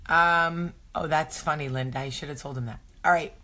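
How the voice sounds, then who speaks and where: A woman's voice: low-pitched, steady tone, moderate pace, sharp tone. A woman from New Jersey with a New Jersey accent, hosting a casual morning vlog in a chatty, rambling, self-mocking way. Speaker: vlog host. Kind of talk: casual morning chat to camera.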